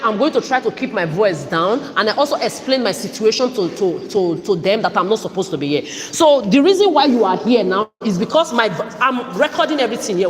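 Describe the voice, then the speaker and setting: A young woman records a heated video update on her phone, talking in a confrontational, repetitive way that rises into outbursts. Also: mid-range voice. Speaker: vlogger. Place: indoor public hall with shops on each side. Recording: echoey big indoor hall.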